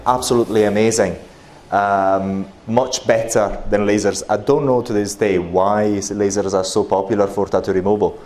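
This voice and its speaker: A man's voice: lowish voice, steady tone, normal speed, darkish tone. A man with an Italian accent giving a chatty, joking presentation at a conference, with many fillers and restarts. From Italy. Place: conference hall.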